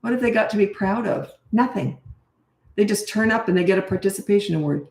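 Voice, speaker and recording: A middle-aged woman gives parents blunt, emphatic advice and laughs at her own lecturing. Her voice sits at an ordinary middle pitch. The recording carries a noticeable room echo. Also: animated, brisk, darkish tone. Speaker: parenting coach. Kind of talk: casual advice monologue. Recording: echoey room.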